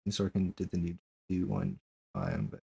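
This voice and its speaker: A man's voice: sits low, very animated, moderate pace, creaky, mellow, lo-fi sound, a little hiss or hum. A man streaming a game and chatting casually with viewers, rambling with lots of restarts and questions.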